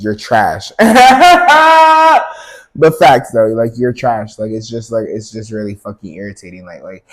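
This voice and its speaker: Blunt, profane man ranting on a podcast. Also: fairly low pitch. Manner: blunt, profane, filler-heavy with sudden emphatic rises. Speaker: podcast host. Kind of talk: casual solo podcast rant.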